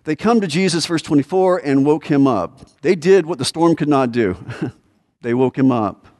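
A male pastor preaching a conversational sermon to his congregation, asking the room rhetorical questions and acting out desperate pleas before dropping to quiet, low asides. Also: moderate pace. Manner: swings between raised pleading lines and low quiet asides.

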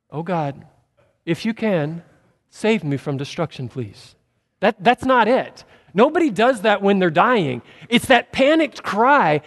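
A man's voice: high-pitched, in a large hall. A man preaching a sermon in an earnest, conversational storytelling way.

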